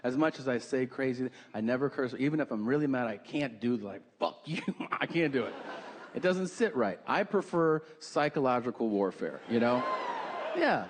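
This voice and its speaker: A man with a mid-range voice performs an animated stand-up set at normal speed, spinning profane family stories peppered with mocking impressions. He's on a comedy stage in front of a live audience, and the recording picks up crowd noise.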